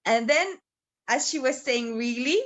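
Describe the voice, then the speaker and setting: A woman's voice: fairly high pitch, big pitch swings, slow, a bit bright. A woman casually telling a story, rambling with many fillers and giggles.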